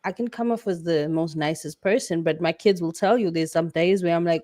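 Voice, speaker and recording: A woman and mother in a casual discussion, telling an animated story about herself. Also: lowish voice, brisk, few pauses, no room sound.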